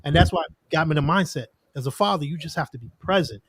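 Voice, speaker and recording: Man, podcast guest, earnest storyteller, higher voice. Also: expressive, fast, fairly bright tone, breathy edge, no room sound, studio quality. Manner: earnest storytelling with lots of "like" and quoted asides. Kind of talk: casual podcast conversation.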